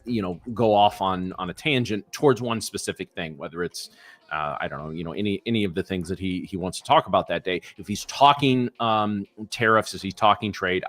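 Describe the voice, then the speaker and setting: A man's voice: low-pitched, fast, a bit bright, dry recording. A man co-hosting a live trading show, chatting casually and joking, rambling with many fillers and restarts. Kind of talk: casual chat.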